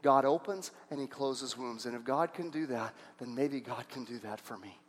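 A man preaching a sermon as pastor, animated, putting questions to the congregation and often restarting his sentences. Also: medium pitch, normal speed, a little hiss or hum. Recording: long hall reverb.

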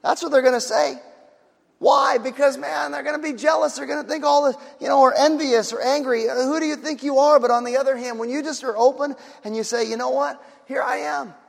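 A man preaching a sermon as pastor, emphatic and repetitive, rising to shouts and dropping low. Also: fairly even intonation, a little fast, creaky. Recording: hall reverb.

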